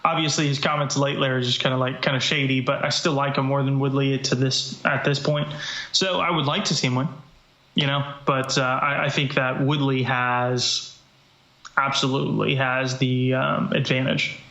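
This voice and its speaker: A man's voice: mid-range voice, little pitch movement, moderate pace, pushed and bright. A man in casual live chat on a directional mic at home, giving opinions in a rambling, hedging way. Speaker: co-host, podcaster. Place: home room with screens. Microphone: directional hypercardioid mic. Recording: echoey room, dull sound.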